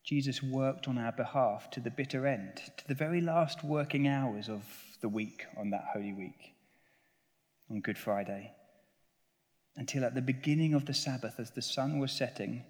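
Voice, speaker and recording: A man's voice: mid-range voice, normal speed. A man preaching a sermon as pastor, reading scripture earnestly and praying with his listeners. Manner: earnest preaching, swelling on scripture and dropping soft at the close. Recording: long church reverb.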